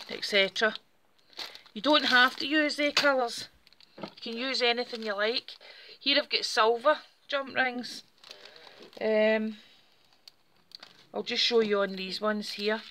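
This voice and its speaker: Woman, craft tutorial host, chatty, step-by-step, bright ringing tone, mid pitch. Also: a little hiss or hum. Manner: chatty, friendly, explaining step by step.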